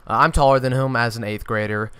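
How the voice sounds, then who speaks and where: A young man, telling a true story for his vlog in an animated way, often restarting his sentences. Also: mid-range voice, fast, smooth, dry recording. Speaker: YouTuber.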